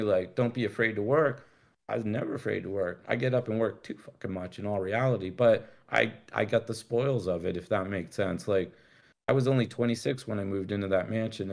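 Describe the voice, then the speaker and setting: A middle-aged man from the United States speaks at a lowish pitch. He tells rambling, candid stories in casual chat, swears freely, and acts out quoted voices along the way. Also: creaky. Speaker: guest. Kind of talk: casual storytelling interview.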